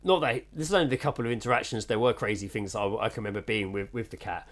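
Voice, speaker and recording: A man's voice: fairly low pitch, fast talker, a bit bright. A man co-hosting a podcast, telling rambling, sweary anecdotes in casual chat. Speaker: podcast co-host.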